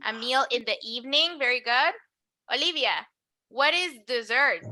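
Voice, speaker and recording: A woman's voice: sits high, animated, normal speed, pushed and bright, no room sound. A woman teaching an English class, explaining patiently and switching to Spanish to clarify. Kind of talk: online English lesson.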